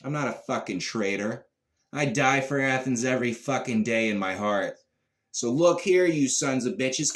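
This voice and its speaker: A man's voice: mid-range voice, lively intonation, normal speed, far from the mic. Ranting profane man in an echoey room. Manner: profane, ranting, swings between mutters and shouts. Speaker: comedian. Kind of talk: character comedy monologue.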